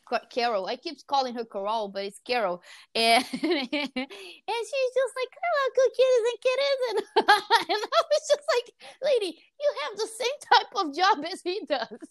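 A woman's voice: high-pitched, no room sound, clean studio sound. A woman in casual chat, telling a story with lots of laughter and acted-out quotes. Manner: animated storytelling, laughing often, acting out quotes.

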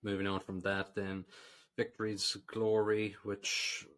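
A very low-voiced Irish man chats casually on a film podcast. He recaps scenes at length and gives blunt, dismissive verdicts. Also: completely flat delivery, takes it slowly, fairly bright tone. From Ireland. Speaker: podcast co-host. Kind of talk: casual film review chat.

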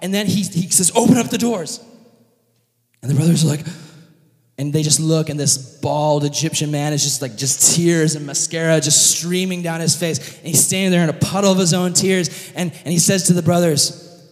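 Man preacher, high voice, animated storyteller, big hall reverb. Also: normal speed. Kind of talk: sermon storytelling. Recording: long reverb of a large hall.

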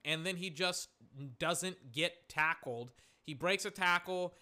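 A young man giving excitable, rambling live reaction commentary on a football game, with exasperated asides. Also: sits high, slow.

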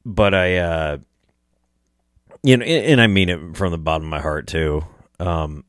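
In a low, somewhat bright voice, unhurried, a young hunting personality shares an emotional story about a friend. He is choked up and close to tears, swearing and laughing as he cries. The sound is clean studio audio without echo.

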